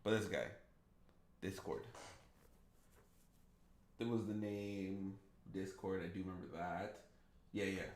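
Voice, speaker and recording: Rambling low-voiced male streamer. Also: steady tone, slow pace, long pauses. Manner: rambling, full of "like" and restarts. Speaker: gaming streamer. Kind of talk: casual livestream chat. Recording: echoey room.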